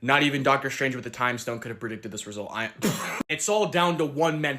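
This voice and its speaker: A man's voice: medium pitch, moderate pace, pushed and bright. A man giving a sarcastic, jokey football match reaction, sounding distant from the microphone.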